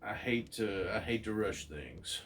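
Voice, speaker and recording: A man voicing an earnest, reflective young male superhero in a read-aloud comic story, in a slow, fairly low voice. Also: expressive, fairly bright tone, a little hiss or hum.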